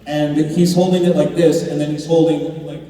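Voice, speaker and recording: Brief: man, mellow and slightly high voice, rambling panel storyteller, heard from far off in a big echoing hall. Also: little pitch movement, normal speed. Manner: rambling, many restarts and fillers. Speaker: actor on a fan convention panel. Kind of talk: casual anecdote on stage. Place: large convention hall.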